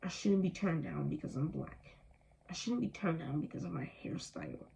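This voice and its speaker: A young woman speaks in an angry, worn-out, emphatic way and does not hold back her language. Her voice is low, dark and gravelly. A faint hiss runs under the recording. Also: animated, moderate pace, low-quality recording. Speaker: vlogger. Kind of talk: impassioned personal vlog.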